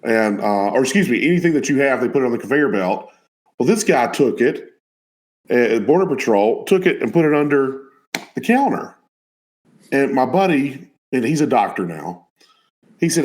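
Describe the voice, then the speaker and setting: Host, man, mid-pitch, very lively intonation, casual storyteller. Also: normal speed. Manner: stumbling restarts, lively story. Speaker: show host. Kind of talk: casual chat.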